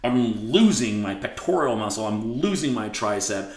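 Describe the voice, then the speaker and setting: A man telling a story as a podcast guest in a blunt, profane, animated way. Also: on the low side, moderate pace, roomy sound. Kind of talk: casual interview storytelling.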